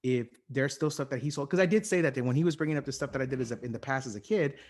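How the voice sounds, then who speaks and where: A man's voice: mid-range voice, racing. A man talks as a guest in a candid podcast interview. He thinks aloud in a searching, thoughtful way. His speech is loose and full of fillers.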